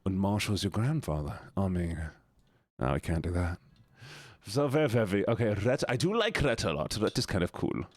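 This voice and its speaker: A male streamer talking to his chat on a live stream, teasing and playful, switching between put-on accents and goofy voices. His voice sits a little low but swings widely up and down. The sound is close and dry, with no room echo. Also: big pitch swings, moderate pace. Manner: playful, jokey, keeps slipping into put-on accents and silly voices. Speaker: livestreamer.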